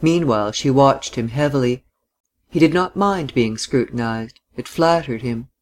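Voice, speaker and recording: Man, audiobook narrator, measured literary reading, middle pitch, even delivery. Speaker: audiobook reader. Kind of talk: scripted narration.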